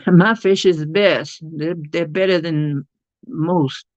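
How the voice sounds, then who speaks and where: A slow, unhurried livestream host rambling through casual chat, reading out viewers' messages and cooing at pets. The sound is dry and close, with a dull, lo-fi mic. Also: medium pitch, steady tone, dry recording. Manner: rambling, chatty, reads chat aloud; coos softly at pets.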